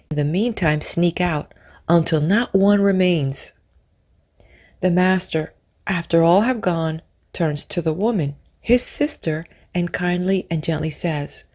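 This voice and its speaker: Lady reading inspirational old text, low-ish voice, slow careful phrasing, goes whispery now and then. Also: a little mellow. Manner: measured, drawn-out phrasing, dropping to a whisper at times. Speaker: audiobook narrator. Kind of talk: slow reverent reading of spiritual prose.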